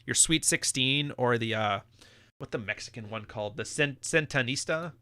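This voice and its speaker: A man's voice: mid-range voice, normal speed, bright, forceful tone, clear, resonant tone, no echo. A man hosting a live podcast, ranting bluntly with lots of swearing and laughter. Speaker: podcast host.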